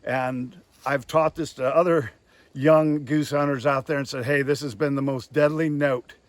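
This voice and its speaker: A man giving a hands-on lesson on goose calling, speaking plainly and pausing to demonstrate calls. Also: mid-range voice, steady tone, no room sound. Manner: plain-spoken, demonstrates calls between explanations. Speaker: goose call instructor.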